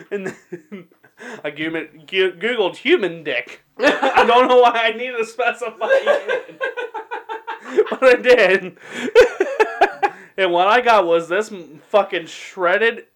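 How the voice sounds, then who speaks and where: Lively profane young man co-hosting. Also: high-pitched, takes it slowly, pauses often. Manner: profane, laughs through his own jokes. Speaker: podcast co-host. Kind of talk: casual crude podcast chat.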